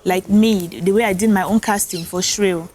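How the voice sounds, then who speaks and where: A woman actress and producer, a guest in a casual interview, telling stories in an animated way. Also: medium pitch, normal speed, slight background noise, poor audio. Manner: animated storytelling, often laughing.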